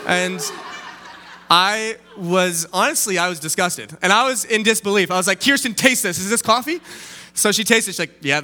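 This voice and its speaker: A young man from Canada preaching a casual sermon, chatty and animated, often checking in with "okay?" as he tells a personal story. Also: high-pitched. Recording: long hall reverb.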